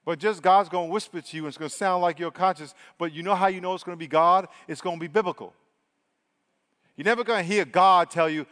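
A man's voice: high-pitched, fast talker. Preaching man in a reverberant hall. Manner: energetic, swings from loud to hushed. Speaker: pastor. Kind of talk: sermon.

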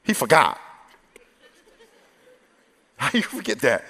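In a large church hall with a long, echoing sound, a male pastor delivers a humorous, conversational sermon to a live congregation, often acting out the voices of characters in his story. His voice is medium-pitched and sharp in tone, swinging widely in pitch while he takes his time.

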